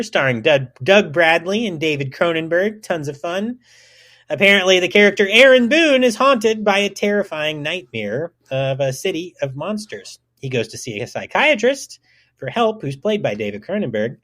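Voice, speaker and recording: A man's voice: a little high, big pitch swings, moderate pace, a bit bright. A man co-hosting a casual podcast, rambling and joking, swearing freely as he reads out film trivia. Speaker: podcast co-host.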